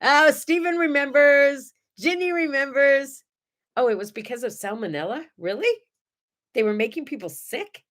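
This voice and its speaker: Woman host, middle-aged, bright higher voice, chatty storyteller. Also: normal speed. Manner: chatty, animated, talks to viewers. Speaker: morning show host. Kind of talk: casual chat and storytelling.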